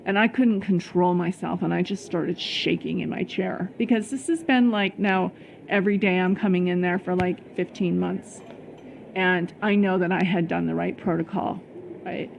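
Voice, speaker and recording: A woman's voice: on the low side, fairly even intonation, normal speed, vocal fry, highs cut off, slight background noise. A middle-aged woman vlogging about her past job, talking in an emphatic, heated way with many fillers and restarts. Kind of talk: casual personal storytelling.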